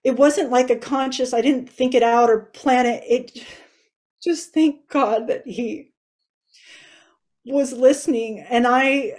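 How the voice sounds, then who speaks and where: A woman's voice: high voice, fairly even intonation, takes it slowly, darkish tone. A woman in her forties sharing a personal faith testimony in an interview, earnest and emotional. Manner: earnest and emotional, tearful at times.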